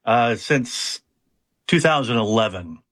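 A man's voice: mid-range voice, expressive, slow, a bit bright, no room sound, clean studio sound. A man who runs a hypnosis practice, explaining his methods in an interview with frequent fillers and restarts. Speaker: hypnotist, founder of a hypnosis center. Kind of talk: conversational interview answers.

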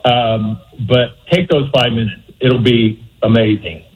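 A man calling in to a radio show, giving earnest, unhurried advice. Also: mid-range voice, fairly even intonation, lo-fi sound. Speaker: caller. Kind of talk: phone-in advice.

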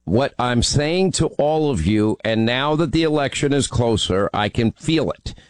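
A male radio host in a dry studio, fielding calls in a joking way. His voice sits at a middle pitch. He makes his political points with building urgency. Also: animated, measured pace, dry recording. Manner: teasing, then emphatic and urgent. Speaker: radio talk show host. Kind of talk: talk radio call-in.

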